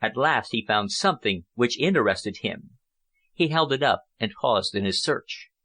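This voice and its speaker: A man reading a novel aloud as an audiobook narrator, in a steady, measured manner. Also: mid-range voice. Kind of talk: scripted narration.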